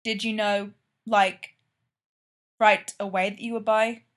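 A woman's voice: mid-range voice, little pitch movement, slow pace, fairly bright tone. A woman reading aloud, voicing a curious, easygoing young man who talks hesitantly with fillers. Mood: tentative. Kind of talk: fan fiction read aloud.

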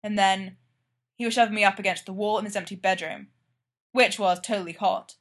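Woman doing a young guy, blunt, crude, weary, read-aloud story, middle pitch. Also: steady tone, fairly quick, fairly bright tone, natural voice. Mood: candid. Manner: blunt, swears casually. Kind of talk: fan fiction read aloud.

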